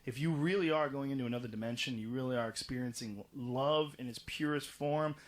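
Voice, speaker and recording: A middle-aged man in casual podcast conversation, telling long, animated stories full of swearing and restarts. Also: medium pitch, fairly quick. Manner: animated, profane, rambling storytelling. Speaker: podcast guest recounting experiences.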